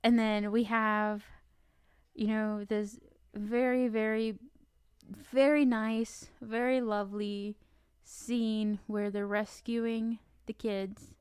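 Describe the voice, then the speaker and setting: Animated, swearing woman podcaster, smooth voice. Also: on the high side, takes it slowly, no room sound, clean studio sound. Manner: animated, swears freely, acts out reactions. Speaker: podcast co-host. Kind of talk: casual film discussion.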